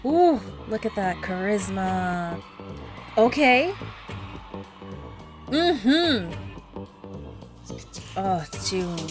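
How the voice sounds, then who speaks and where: A woman hosting a reaction channel, chatting casually and getting excited, sometimes shouting and laughing. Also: mid-range voice, drawn-out words, long pauses, music in the background. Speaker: K-pop reaction channel host.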